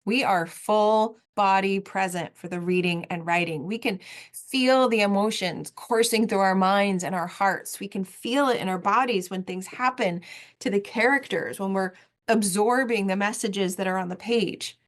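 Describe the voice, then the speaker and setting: A woman in her forties talks through a solo podcast episode as its host. Her pitch sits in the middle for a woman, and her delivery is earnest and heartfelt. She leans on repeated phrases to drive her points home. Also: moderate pace.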